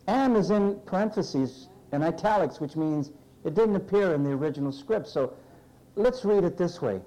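This man's slightly high voice comes through a rough recording at normal speed as he delivers a sermon. Reading from scripture, he sarcastically mimics the complaining figure in the verses with animated, mocking flair.

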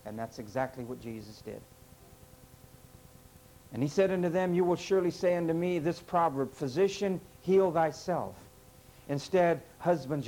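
Male preacher, high voice, forceful sermon delivery, rhetorical questions. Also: a little hiss or hum, low-quality recording. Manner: emphatic, rhetorical questions to congregation. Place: church with parking lot.

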